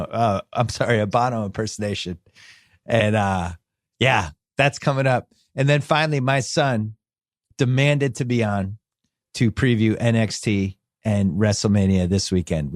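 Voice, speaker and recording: A man's voice: lowish voice, no echo, studio quality. A man hosting a casual podcast, running through the show lineup in an upbeat, rambling way with frequent restarts. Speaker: podcast host.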